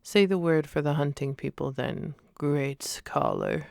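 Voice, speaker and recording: A woman voicing an old, earnest, tender male bear teacher in a whispered role-play, speaking fuller and drawn-out. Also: deep voice, wildly swooping pitch, creaky, a little mellow, dry recording, clean studio sound, full character voice. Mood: grumbling.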